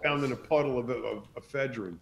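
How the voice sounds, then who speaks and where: A man's voice: mid-range voice, fairly quick, vocal fry, fairly bright tone. A male podcast co-host making wry comments in a hesitant way, repeating words. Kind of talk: casual podcast chat.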